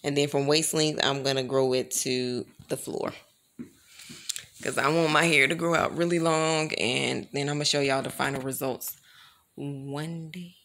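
A woman's voice: sits low, fairly even intonation, unhurried, a bit bright, a little hiss or hum. A woman vlogger chatting casually to her camera, rambling and calling her viewers y'all.

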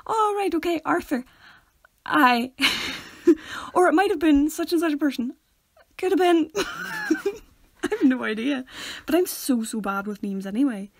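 A young woman talks softly on a podcast. Her voice is fairly high but has a strong gravelly fry. She laughs often at herself, and the sound is close and dry. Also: big pitch swings, unhurried, no room sound. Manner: soft-spoken, self-deprecating, laughs often. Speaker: podcast co-host. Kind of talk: casual chat.

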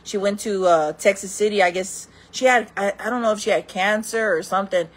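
A woman vlogger telling wild stories in casual talk, laughing often, calling her viewers friends and acting out other people in loud voices. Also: mid-range voice, a little fast. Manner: acts out quoted people in loud raised voices.

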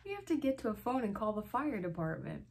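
A woman's voice: medium pitch, very animated, quick pace, creaky, a little mellow, a little hiss or hum. A woman voicing a sensible, practical schoolgirl in a storybook read-aloud, speaking firmly.

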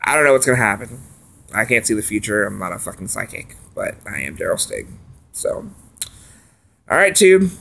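Gravelly man ranting late at night. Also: lowish voice, very animated, moderate pace, pauses often, slight background noise. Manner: profane, agitated ranting with loud and quiet swings. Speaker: vlogger. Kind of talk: late-night rant vlog.

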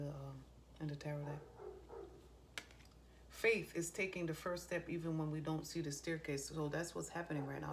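Deep-voiced woman medium, rambling and profane, faint background hiss. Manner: loose and stream-of-consciousness, swears freely. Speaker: psychic medium. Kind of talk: casual spiritual channeling talk.

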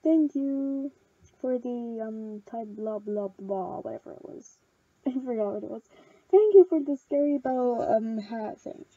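A woman hosting a casual gameplay video. She rambles, gushes and gets excitable while thanking friends for gifts. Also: a little high, measured pace, breathy edge, no room sound, dull audio. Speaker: channel host.

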